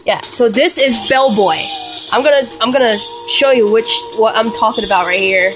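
A woman's voice: a little high, normal speed, fairly bright tone. A young woman talking casually and rambling about music she loves, giggling often and restarting her sentences. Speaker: music fan vlogger.

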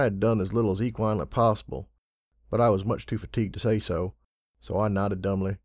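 A man reading fan fiction aloud in an audiobook style, measured and wry. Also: on the low side, steady tone, a little mellow, dry recording, studio quality. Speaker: audiobook reader.

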